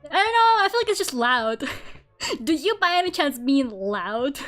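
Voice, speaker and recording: A woman's voice: high voice, very animated, slow, fairly bright tone. A young woman with a Russian accent, a native Russian speaker, chatting casually while she draws on stream. She rambles, laughs a lot and fills her talk with "like" and "I don't know". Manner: rambling, laughs often, lots of fillers.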